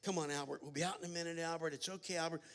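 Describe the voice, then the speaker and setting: A man voicing a harried father who keeps coaxing himself to stay calm. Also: on the high side, very fast. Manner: strained self-coaxing, repeating a name. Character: harried father at his wits' end.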